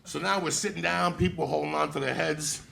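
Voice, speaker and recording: A male stand-up comedian telling a story in a loud, profane way, often shouting. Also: on the high side, fairly even intonation, a little fast, creaky. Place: comedy club stage. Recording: roomy club recording with crowd laughter. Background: audience laughter and room noise.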